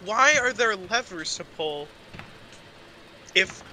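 A man's voice: high-pitched, lively intonation, slow pace, bright, forceful tone, slight background noise. A man on a live game stream, chatting casually and sharing what he knows about the levels. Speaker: co-commentator. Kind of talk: live-streamed gameplay chat. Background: game music.

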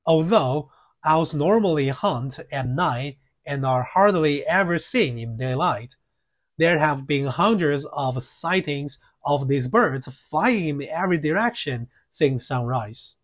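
Brief: storybook newscaster, read by a man, formal and measured, slightly high. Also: animated. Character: male TV newscaster. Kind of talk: audiobook reading.

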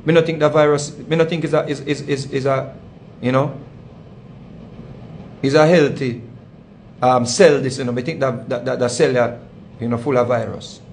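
A man with a Jamaican accent talks through a long story in a loose, rambling way, circling back and repeating himself. His voice sits at an ordinary middle pitch, with a faint hum of background noise behind him. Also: fairly even intonation, normal speed, pauses often, a little mellow. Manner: rambling, repetitive, heavy patois phrasing. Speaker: channel host. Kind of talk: casual storytelling monologue.

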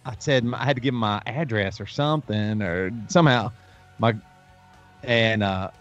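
A man hosts a casual chat show, rambling through stories with many restarts in a lowish voice at normal speed. The lo-fi stream sounds dull, with faint music behind him.

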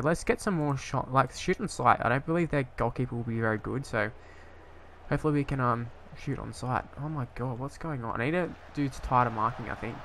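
A man's voice: mid-range voice, a bit bright, slight background noise. A young man casually commentating on his own football management game, rambling and hesitant, breaking into sweary frustration. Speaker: gaming YouTuber.

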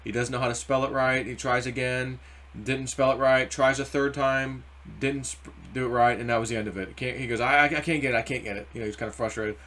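A man hosting a casual crypto market commentary, rambling and animated, acting out quoted voices as he goes. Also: medium pitch, fairly quick. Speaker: crypto video host.

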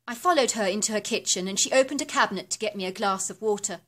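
Woman reading a horror story. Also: mid-range voice. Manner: steady, descriptive storytelling with measured lists. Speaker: narrator.

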